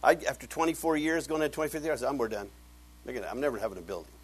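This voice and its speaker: Man, middle-aged pastor, lively sermon, acts out dialogue, laughs a lot. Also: mid-range voice, very fast, husky, low-quality recording. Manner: animated, acts out conversations, laughs often. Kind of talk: sermon storytelling.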